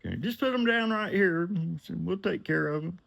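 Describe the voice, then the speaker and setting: A man's voice: high voice, normal speed, vocal fry, a bit bright, pitched above the performer's own voice, exaggerated voice. A man voicing a friendly, generous older male lawyer who talks in a breezy, reassuring way.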